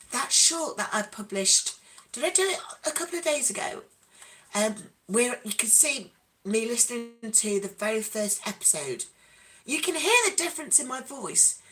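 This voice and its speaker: A woman hosting a live question-and-answer stream, chatting in a rambling, animated way with many asides. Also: on the high side, poor audio. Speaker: stream host. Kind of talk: casual live Q&A chat.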